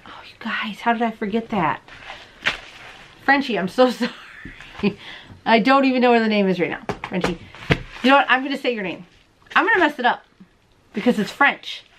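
A woman's voice: on the high side, slight background noise. A woman hosting a crochet and knitting podcast from home, chatting to the camera in a bubbly, self-deprecating way and laughing often. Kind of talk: casual chat to camera. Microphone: camera in front of her.

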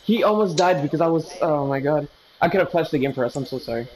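A young man talks over a headset in loose game chat, his voice sitting a little high. He jokes, swears and calls out where the enemies are. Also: expressive, quick pace, a little mellow, low-quality recording. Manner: joking, profane, calls out enemy positions. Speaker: gamer calling out plays.

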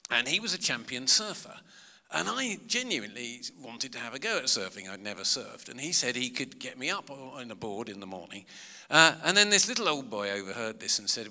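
A comedian spins self-mocking stories for a live audience, his pitch leaping up and down as he goes. His voice is bright and forceful. The sound rings with the long reverb of a big public hall. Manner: chatty, self-mocking, animated anecdotes. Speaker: comedian and author giving a talk. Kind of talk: storytelling talk to a live audience.

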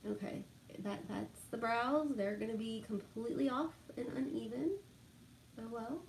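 A middle-aged woman chats with live viewers as she does her makeup. She laughs easily and keeps calling out viewers by name. Her voice sits a little high and rings in an echoey room. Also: normal speed, gravelly, a little hiss or hum. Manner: chatty, laughs often, reads out viewer names. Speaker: beauty vlogger chatting with live viewers. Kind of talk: casual chat while doing makeup.

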